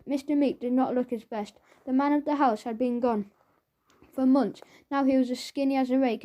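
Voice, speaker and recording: A woman narrating a children's audiobook in a playful, expressive way, on a dull lo-fi recording. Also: on the high side.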